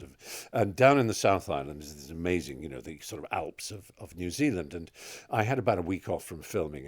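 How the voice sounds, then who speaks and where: Animated storyteller, older man. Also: low voice, breathy edge. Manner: lively storyteller, laughs often, acts out voices in quotes. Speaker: podcast guest. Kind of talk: casual anecdotal chat.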